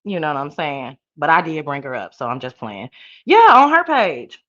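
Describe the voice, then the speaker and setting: A woman's voice: sits low, wildly swooping pitch, normal speed, fairly bright tone, dull audio. A woman hosting a casual live-stream chat, talking in a playful, sassy, slang-filled way and answering her viewers. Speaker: live-stream show host.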